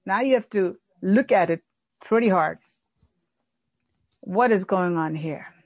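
A woman's voice: medium pitch, darkish tone, slightly rough, no echo, highs cut off. Earnest woman pastor preaching, dry sound. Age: adult, recalls childhood many years ago. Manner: earnest, emphatic preaching with slow repeated lines. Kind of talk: sermon.

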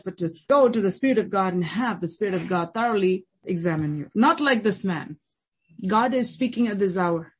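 Breathy woman preaching a sermon. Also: medium pitch, low-quality recording. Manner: emphatic preaching, repeats phrases and rhetorical questions. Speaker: pastor.

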